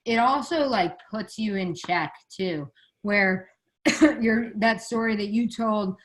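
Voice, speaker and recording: A woman's voice: mid-range voice, slow pace, fairly bright tone. A woman hosting a podcast interview, chatting casually and affirming her guest. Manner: friendly, affirming. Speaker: podcast host.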